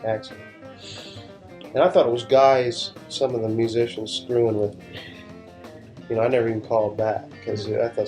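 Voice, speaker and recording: A man's voice: medium pitch, flat delivery, moderate pace, long pauses, a little mellow, faint music behind. Laid-back man telling studio stories. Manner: rambling, restarts sentences, laid-back storytelling. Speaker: session guitarist, interview guest. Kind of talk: casual interview storytelling.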